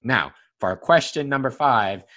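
A man's voice: mid-range voice, animated, normal speed, pushed and bright. A man hosting a casual podcast, explaining history and teasing his co-host. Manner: explanatory, teasing, laughs easily. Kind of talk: casual educational podcast chat.

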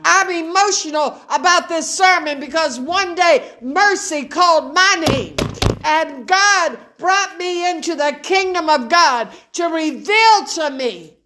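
Woman preacher, high voice, slow and emotional sermon, fervent. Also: lively intonation, pushed and bright, a little hiss or hum.

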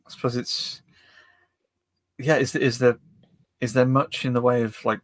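A British man co-hosting a podcast, asking hesitant, halting questions in casual chat. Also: medium pitch, level tone, no echo. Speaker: podcast co-host.

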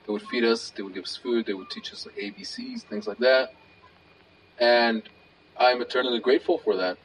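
A man's voice: mid-range voice, steady tone. Guy hosting a chat, um-ing and uh-ing, sounds a bit away from the mic, faint hiss. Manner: halting, soft-spoken, many fillers. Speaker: host. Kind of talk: casual conversation. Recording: distant mic with faint noise.

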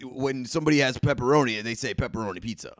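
A man co-hosting a comedic morning radio show, delivering blunt, deadpan one-liners. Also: medium pitch, fast, no room sound, clean studio sound. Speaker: radio co-host.

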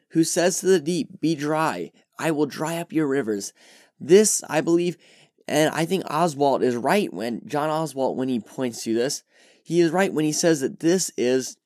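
A man's voice: on the high side, darkish tone, dry recording, studio quality. A man hosting a Bible teaching podcast, talking earnestly and with emphasis as he works through a passage. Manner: earnest and emphatic, voices quoted reactions with animation. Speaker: podcast host teaching scripture.

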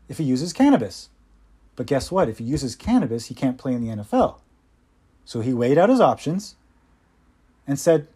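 A man's voice: a little high, dark tone, slightly rough. Sarcastic, impassioned man. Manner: sarcastic and impassioned, mocking imitations. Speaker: podcast host. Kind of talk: opinionated solo podcast commentary.

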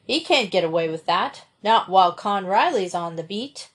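A woman voicing a slow-witted, blustering male village constable in a storybook reading. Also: medium pitch, lively intonation, natural voice.

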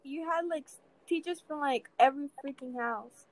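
High-voiced teen girl ranting. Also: moderate pace, poor audio. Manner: animated ranting, lots of fillers. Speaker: student. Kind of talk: casual chat.

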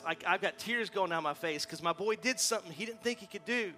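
A man's voice: high-pitched, fairly quick, pushed and bright, soft background music. A man in his forties, a guest pastor preaching a sermon with impassioned peaks and stammered repeats.

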